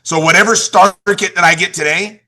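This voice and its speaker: Man, middle-aged, very bright voice, slightly high, energetic team leader, keeps asking and answering. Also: a little fast. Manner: energetic, repetitive, asks questions and answers them himself. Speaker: team leader and youth football coach. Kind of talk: motivational team call.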